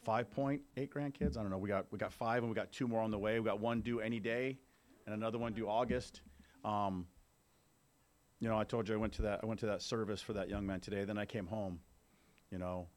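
A little fast and fairly low-pitched, with fairly even intonation, a man in his fifties tells his recovery story at a meeting. He's candid and conversational, checking in with the people listening.

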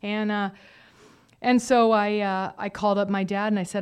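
A woman's voice: mid-range voice, fairly even intonation, moderate pace, smooth. A woman telling her own recovery story to a group, candidly, acting out the voices of the people in it. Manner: candid storytelling, acts out quoted relatives. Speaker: recovery speaker. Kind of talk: personal testimony talk.

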